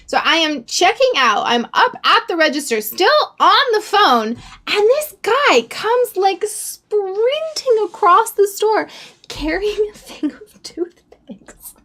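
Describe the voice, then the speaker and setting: A young woman vlogger telling a casual story, rambling and animated, with sudden exclamations. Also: high-pitched, unhurried. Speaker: YouTuber.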